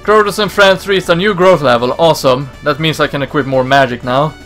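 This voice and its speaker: A man hosting a let's play, giving relaxed, casual commentary with mumbled asides. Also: a little high, fairly quick, soft background music.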